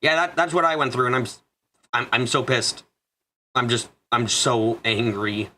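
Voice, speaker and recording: Young man, game playthrough host, profane exasperated ranting, bright tense voice. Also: medium pitch, fairly even intonation, normal speed. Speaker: let's play host. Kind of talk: casual gameplay commentary, venting.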